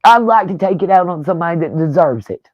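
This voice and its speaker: A woman's voice: on the low side, expressive, quick pace, a little mellow, no echo, dull audio. A woman true-crime YouTuber delivering a blunt, profane, combative rant, full of pointed rhetorical questions. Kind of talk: angry on-camera rant.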